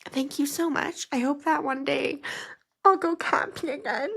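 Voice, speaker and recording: A woman's voice: sits high, steady tone, measured pace, gravelly, fairly bright tone. A young woman hosting a podcast, telling personal memories in a rambling, casual way with many fillers. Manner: rambling, many fillers, laughing through tears. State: crying at times. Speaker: podcast host.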